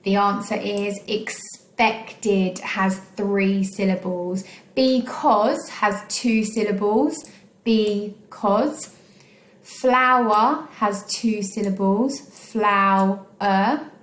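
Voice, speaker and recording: A woman teaching a recorded online phonics lesson, slowly sounding out each syllable of words for young pupils. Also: mid-range voice, fairly bright tone, echoey room. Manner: slow, clearly sounding out syllables. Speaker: primary school teacher.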